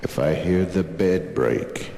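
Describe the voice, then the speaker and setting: A stern, menacing father lays down slow, deliberate threats in a low, gravelly voice, as a man puts him on in a comedy routine. It is a stand-up act-out on a 1960s live album. The sound carries a long hall reverb and steady hiss. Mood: threatening. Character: stern, menacing father scolding his sons. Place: live comedy stage before an audience.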